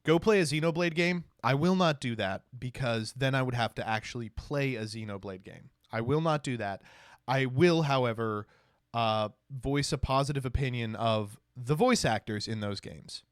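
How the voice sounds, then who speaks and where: A man's voice: mid-range voice, moderate pace, smooth, no room sound, clean studio sound. A man streaming casual reaction commentary, exasperated and sarcastic, swearing at his chat.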